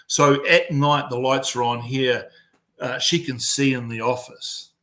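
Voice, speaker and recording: Speaking at a measured pace in a mid-range voice, a middle-aged man with a New Zealand accent chats casually on a podcast. He works as a mental performance coach and tells animated stories bluntly, with plenty of swearing.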